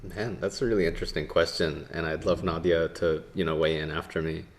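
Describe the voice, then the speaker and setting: A man who is a journalist and filmmaker, answering a panel question over a video call in a measured, laid-back way. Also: a bass voice, steady tone.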